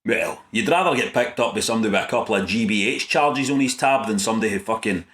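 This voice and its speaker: A man's voice: fairly low pitch, fast, echoey room. A man with a Glaswegian Scottish accent, telling a sweary comic story and acting out the voices in it. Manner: sweary, animated storytelling, acts out quoted voices. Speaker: comedy sketch performer. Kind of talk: scripted comedy chat.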